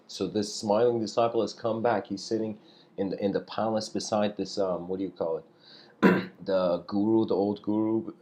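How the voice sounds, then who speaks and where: A man giving a casual spiritual lecture, telling a story in a loose, rambling way and often clearing his throat. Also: on the low side, a little mellow.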